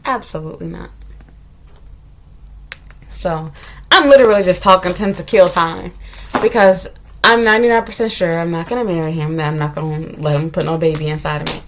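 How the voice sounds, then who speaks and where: A woman's voice: on the low side, fairly quick, pauses often, slight background noise. A woman from the United States, talking bluntly and profanely in a casual vlog monologue. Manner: blunt, profane, candid storytelling. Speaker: vlogger.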